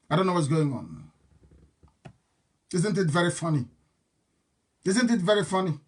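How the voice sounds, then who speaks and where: A man's voice: high voice, animated, moderate pace, pauses often, darkish tone, husky. A man giving a live online broadcast as a political speaker, combative, defiant and emphatic.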